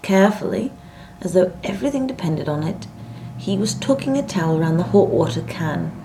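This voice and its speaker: A woman reading a story aloud in a measured, expressive audiobook narration. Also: on the low side, background noise.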